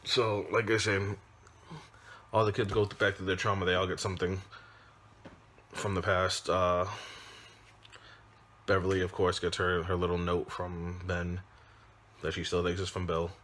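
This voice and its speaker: A man, a father, casually recapping a film, loose and rambling, with frequent pauses and restarts. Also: low voice, completely flat delivery, a bit bright. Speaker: movie reviewer. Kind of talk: casual spoken movie recap.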